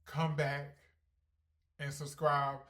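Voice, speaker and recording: A ballroom performer hosting a casual Q&A vlog, brash and sassy with heavy slang, swinging between loud hyped bursts and calm reflection. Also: mid-range voice, extremely slow. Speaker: ballroom performer and channel host.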